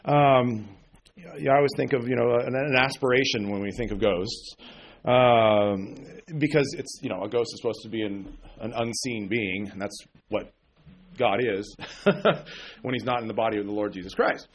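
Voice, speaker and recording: A man's voice: mid-range voice, normal speed. A man preaching an informal sermon, blunt and sarcastic, with folksy asides. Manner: mocks emotional prayers in exaggerated voice.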